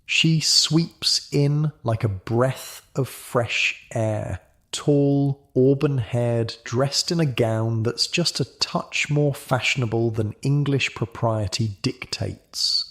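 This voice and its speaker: A man narrating a calm, soothing bedtime history story in the second person. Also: medium pitch, slow pace.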